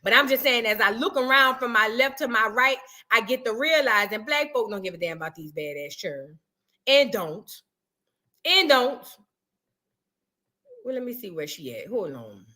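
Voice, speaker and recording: Bright-voiced woman ranting bluntly. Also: on the high side, fairly quick, hardly any pauses. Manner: blunt, profane, animated with mocking impressions. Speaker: commentary host. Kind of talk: ranting reaction commentary.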